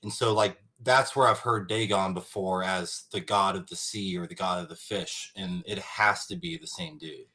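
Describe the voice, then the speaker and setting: A man with a low voice talks easily as a podcast co-host. He explains ideas loosely and pads his sentences with fillers. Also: steady tone, moderate pace, few pauses, sharp tone. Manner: easygoing, explanatory, filler-heavy. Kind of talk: casual podcast chat.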